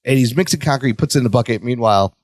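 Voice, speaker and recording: A man's voice: mid-range voice, racing, a little mellow, no echo, clean studio sound. A man co-hosting a podcast, retelling sitcom scenes in casual chat and acting out the characters' lines. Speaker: podcast co-host.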